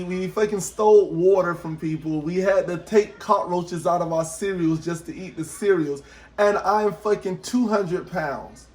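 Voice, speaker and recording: Animated high-voiced man cracking jokes. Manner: animated, swearing, acts out voices. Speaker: podcast co-host. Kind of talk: casual podcast chat.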